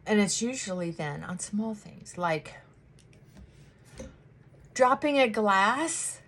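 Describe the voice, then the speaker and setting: A woman therapist chatting casually while doing her makeup, animated and acting out her clients' voices. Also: mid-range voice, takes it slowly.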